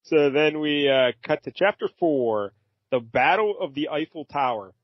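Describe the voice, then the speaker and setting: A man's voice: a little high, lively intonation, moderate pace, no echo. A man co-hosting a podcast, recapping a comic in a rambling, self-mocking casual chat and laughing often. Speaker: podcast co-host. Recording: dull lo-fi podcast audio.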